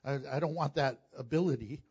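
A man preaching a sermon as pastor, animated and jokey, acting out the voices of people in the story. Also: medium pitch, brisk, slightly rough, highs cut off.

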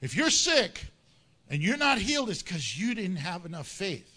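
A male pastor delivers a lively sermon in a high, bright voice that leaps up and down. He is jokey and animated, and he acts out quoted voices. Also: normal speed, husky.

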